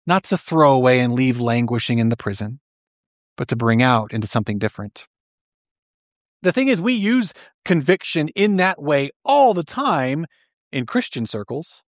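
A man preaching a sermon in an earnest, questioning way, explaining slowly and restarting phrases. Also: medium pitch, dry recording, clean studio sound. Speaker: pastor.

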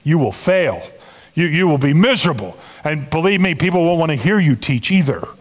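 Earnest preaching man, raised pitch. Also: animated, fairly quick. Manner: earnest, conversational preaching with emphatic stresses and asides to the congregation. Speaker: pastor. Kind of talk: sermon. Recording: long hall reverb.

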